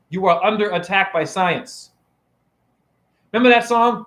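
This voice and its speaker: A man's voice: high-pitched, animated, normal speed, a bit bright. Taunting, preachy man live-streaming. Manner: preachy and taunting, keeps asking "right?". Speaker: self-styled spiritual teacher streaming to a chat. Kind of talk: live-stream rant to viewers. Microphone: phone camera.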